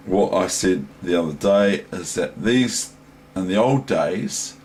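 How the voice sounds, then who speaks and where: New Zealand man, low voice, unhurried, rambling chess tutor walking through a game. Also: darkish tone, slight background noise. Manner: rambling, digressive, thinking aloud. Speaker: chess teacher. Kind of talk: casual chess lesson.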